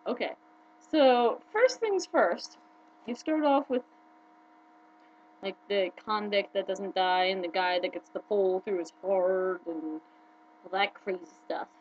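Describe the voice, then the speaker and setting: A chatty, excitable woman talks casually to her viewers, her voice leaping up whenever she gets worked up. The recording is dull and lo-fi, with a faint hum underneath. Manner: chatty and excitable, with quick jumps in pitch. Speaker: video blogger. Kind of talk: casual fan chat to camera.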